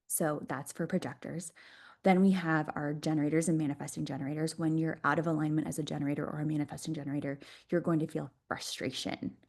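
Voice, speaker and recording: Low-voiced woman explaining with enthusiasm. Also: fairly even intonation, fast talker, a little mellow. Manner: enthusiastic, laughs often while explaining. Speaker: podcast guest, Human Design mentor. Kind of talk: conversational podcast interview.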